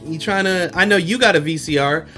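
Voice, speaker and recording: A man's voice: sits high, fairly quick, pushed and bright, soft background music, voice pushed up. A man voicing a brash young male street-tough detective in a slangy, dismissive way.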